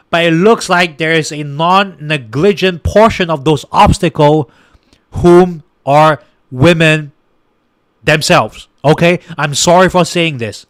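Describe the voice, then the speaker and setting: A man's voice: on the high side, dry recording, clean studio sound. A young man giving casual political commentary on a podcast, exasperated and ranting at his listeners, with many restarts and fillers.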